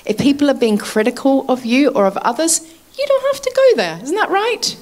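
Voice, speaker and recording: A woman's voice: sits high, very animated, a little fast, a little mellow. A woman preaching a sermon in a chatty way, laughing often and asking her listeners to agree.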